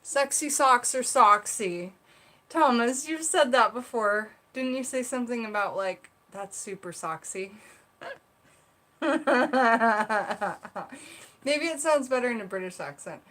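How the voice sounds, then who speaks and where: A woman's voice: on the high side, animated, slow, sharp tone. Chatty woman hosting a livestream. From South Carolina. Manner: chatty, reads viewer comments aloud. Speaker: livestream host. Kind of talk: casual livestream chat. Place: bedroom. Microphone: seated at own camera.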